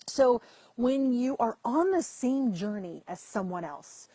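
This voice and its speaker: Middle-aged woman host, husky and a bit high, chatty and direct with viewers on a live stream. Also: expressive, slow pace, mellow, dry recording. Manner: chatty, repeats and restarts, addresses viewers directly. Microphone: computer mic over weak internet.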